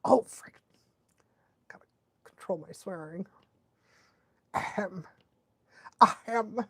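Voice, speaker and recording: A woman's voice: medium pitch, slow pace, fairly bright tone, husky, dry recording. A woman dog trainer hosting a casual watch-along live stream, chatty and laughing often, cooing baby talk at a dog now and then.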